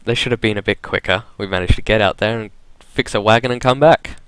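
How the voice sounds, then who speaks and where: A man's voice: on the low side, fast talker, fairly bright tone, clear, resonant tone, no room sound. A man playing a tabletop role-playing game, casual, slipping into formal in-character speech. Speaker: player.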